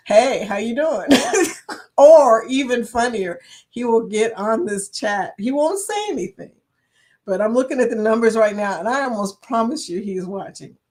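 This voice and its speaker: A woman's voice: on the high side, a little mellow. Chatty woman hosting a live chat. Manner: chatty, laughs often, greets viewers by name. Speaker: livestream chat host. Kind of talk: casual live-stream chat.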